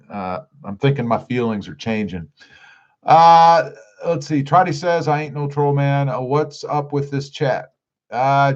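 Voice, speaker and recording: A man hosting a casual live stream, reading viewer comments aloud in an easygoing, drawling way with lots of "uh" fillers. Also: medium pitch. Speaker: YouTube live-stream host. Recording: dull lo-fi stream audio.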